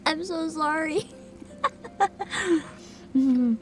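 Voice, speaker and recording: A woman livestreamer chatting casually with her viewers while she eats, laughing often and describing herself as loud. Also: high voice, expressive, extremely slow, soft background music. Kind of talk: casual chat while eating.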